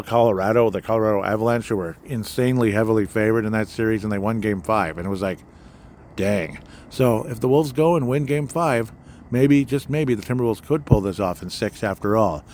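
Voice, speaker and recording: Recorded outside at night beside a fire pit, with faint background noise, a man from Minnesota runs his solo sports podcast. His mid-range voice is a little mellow, and his delivery is rambling, sarcastic, and full of fillers.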